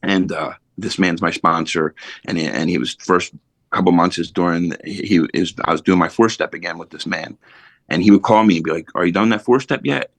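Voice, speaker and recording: A man's voice: deep voice, fairly even intonation, brisk, dry recording. A middle-aged man, a podcast guest, telling a blunt, profane, emotional story about his recovery in a casual way.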